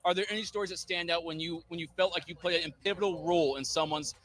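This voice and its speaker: Fast-talking male interviewer. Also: fairly high pitch, steady tone, a bit bright. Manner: quick, encouraging, frequent affirmations. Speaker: livestream interviewer. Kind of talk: casual interview.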